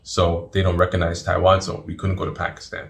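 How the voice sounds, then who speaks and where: A middle-aged man, a guest in an interview, telling his story in an animated way and often repeating words. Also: low voice, brisk, creaky.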